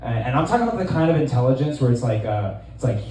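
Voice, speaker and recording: A man in his twenties doing a stand-up set in a small club, deadpan and rambling, with lots of fillers. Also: medium pitch, fast talker, heavy reverb, far from the mic, a little hiss or hum, rough recording. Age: 20s. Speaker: stand-up comedian.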